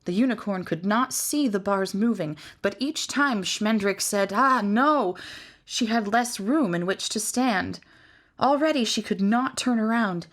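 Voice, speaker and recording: Reading aloud from a fantasy novel, this female reader keeps a mid-range voice and a steady, expressive storytelling style.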